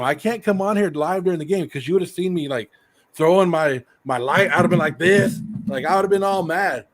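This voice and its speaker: Fairly high-voiced, hoarse middle-aged male host, pumped up and rambling. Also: a little fast. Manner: excited, rambling, laughs often. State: sick, hoarse. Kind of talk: casual livestream chat.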